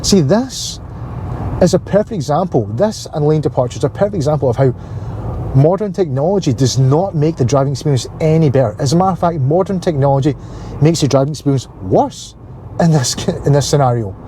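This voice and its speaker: A man's voice: fairly high pitch, animated, brisk, warm tone, slight background noise. A man with a Scottish accent in a casual car vlog to camera, talking in chatty, jokey rants while driving and visiting a dealership. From Scotland. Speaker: car vlogger.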